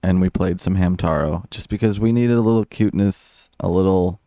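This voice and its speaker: A man's voice: low voice, a little fast, dark tone, no echo. A man co-hosting a podcast, chatting casually and teasing his co-host with dry jokes. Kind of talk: casual chat.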